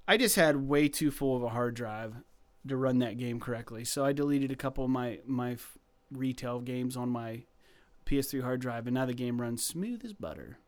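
A man's voice: medium pitch, normal speed. Man, podcast co-host, casual rambling gaming chat, lots of ums and likes. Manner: rambling, filler-heavy, excitable.

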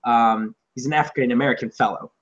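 A man co-hosting a podcast, chatting casually in a rambling, profane way and acting out loud shouted quotes. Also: mid-range voice, fairly even intonation, quick pace, lo-fi sound. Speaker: podcast co-host. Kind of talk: casual comedic chat. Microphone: on camera, seated.

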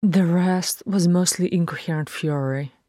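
Sardonic dwarf brother, flat and weary, voiced by a woman reader, slow and dry. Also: on the low side, dry recording. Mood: glum. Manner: flat, sarcastic. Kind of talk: audiobook fan fiction reading.

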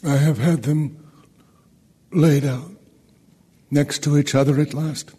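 A man's voice: a little high, fairly even intonation, slow pace, dark tone, husky. An older actor playing a weary, grieving old king in a radio play, with bitter irony. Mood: somber. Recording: long hall reverb.

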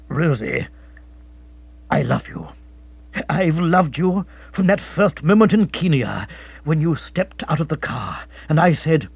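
Man doing a gallant old-colonial hunter, low muttered confession, husky, dry. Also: dry recording, full character voice. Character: crushed middle-aged British colonial hunter, earnest and gallant. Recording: dull, dry close recording.

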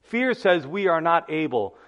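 A man's voice: fairly high pitch, sing-song, a little slow, a bit bright. A man preaching a sermon as pastor, emphatic and repeating key phrases, calling his listeners guys.

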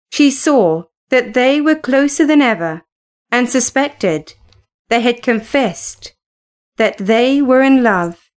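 Slow, measured woman narrating a story. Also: high voice. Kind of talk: audiobook narration.

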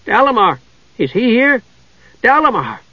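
Brief: man playing an eager, rambling kender, high and bouncy, dry lo-fi audiobook sound. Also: moderate pace, breathy edge, no echo, heavily acted. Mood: excited. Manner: eager, rambling, shrill when excited. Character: excitable chatty male kender adventurer. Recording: dull lo-fi dry recording.

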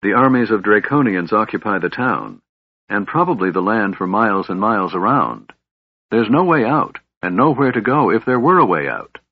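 A man voicing a big, blunt male warrior who speaks gravely. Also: on the low side, lively intonation, moderate pace, dry recording, phone-quality sound. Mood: grim. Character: big cheerful male warrior, grim now.

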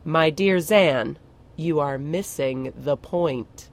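A woman voicing an ancient, grumpy male bog monster who speaks slowly and sternly. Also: deep voice. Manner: slow, stern, emphatic.

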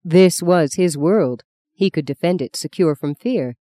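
In this clip a narrator delivers a literary novel as an audiobook, evenly and with measured pacing. The pitch is medium.

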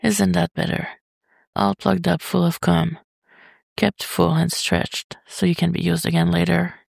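A reader voicing a dominant adult male lover who murmurs low and darkly, then soothes. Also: little pitch movement, measured pace, creaky, no echo, clean studio sound, full character voice. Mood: gentle.

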